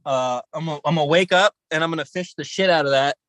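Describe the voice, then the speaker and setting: Talking at a quick pace, a man co-hosts a podcast by video call from his riverside camper outdoors. His slightly high, somewhat bright voice carries an upbeat, profane, rambling casual chat, in a rough recording without echo.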